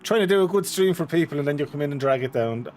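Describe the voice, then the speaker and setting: A man's voice: on the high side, expressive, fast, darkish tone, a little hiss or hum. A man streaming and co-commentating a sim race, talking in a chatty and teasing way.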